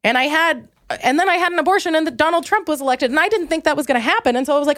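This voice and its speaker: A young woman comedian hosting her podcast, rambling through a casual comic monologue with self-mocking asides and sudden high excited quotes. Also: rapid-fire, no echo, studio quality.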